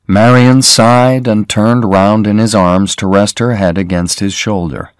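Slow, deliberate male story narrator. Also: fairly low pitch, steady tone, smooth, dry recording, clean studio sound. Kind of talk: slow graded-reader narration for learners.

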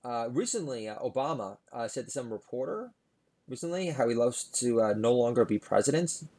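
A man's voice: lively intonation, fairly quick. A middle-aged man hosting his own podcast, talking through a rambling comedic monologue with many filler sounds. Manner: shifts into loud high-pitched ranting bits, then mumbly asides full of uh. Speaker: podcast host and stand-up comedian.

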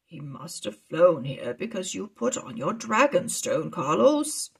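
A woman voicing a calm, wise old wizard in a children's read-aloud story. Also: lowish voice, a little slow, creaky, breathy edge, exaggerated voice.

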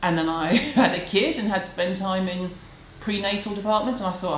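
A woman's voice: mid-range voice, a little fast. Chatty woman in an echoey room. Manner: candid, chatty and self-deprecating. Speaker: vlogger answering viewer questions. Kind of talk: casual chat. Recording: echoey room, faint background hum.

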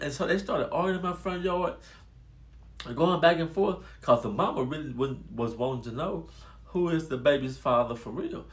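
A man casually telling a personal story to his viewers, animated and addressing them as y'all. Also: mid-range voice, normal speed. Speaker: storytelling vlogger.

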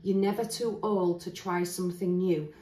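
Standing at a table of cards indoors, a woman gives a casual tarot reading, chatty and earnest, thinking aloud with restarts. Her lowish voice is steady and dark at a normal speed. The recording has a roomy echo, and she sounds distant.

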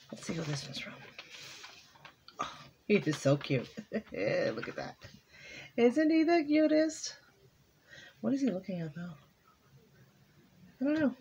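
A woman's voice: fairly low pitch, creaky, a little mellow, a little hiss or hum. A woman vlogging casually at home as she opens holiday cards and crafting mail, chatty and exclaiming over each one. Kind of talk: casual chat while opening mail.

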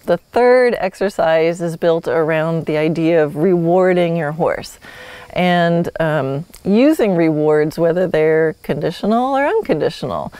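A woman's voice: fairly low pitch, warm tone, clear, resonant tone, no echo. A woman hosting a solo podcast, teaching horsemanship in a friendly, instructive way with light laughs.

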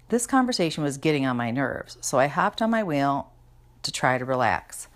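A woman reads a children's chapter book aloud, narrating chattily in the first person. Her voice sits low for a woman and she keeps an easy, storytelling flow. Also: sing-song, normal speed. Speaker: reader.

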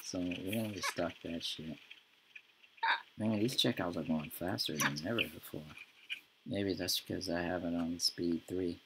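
A woman's voice: rumbling low, measured pace, heavy background noise. A woman hosting a let's-play, giving profane, exasperated gameplay commentary and ranting at the game. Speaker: gaming channel host.

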